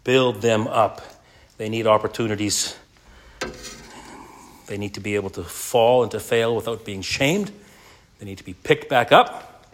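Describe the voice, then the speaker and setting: Man preaching a sermon, swinging loud to hushed. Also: on the low side, a little slow, long pauses, slight background noise. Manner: storytelling with wide swings between loud and hushed. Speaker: pastor.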